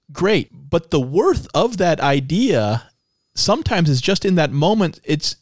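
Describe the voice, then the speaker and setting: A man's voice: fairly high pitch, dry recording. Earnest man, dry close mic. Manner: earnest, self-deprecating, animated when quoting himself. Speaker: podcast host. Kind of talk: casual faith discussion.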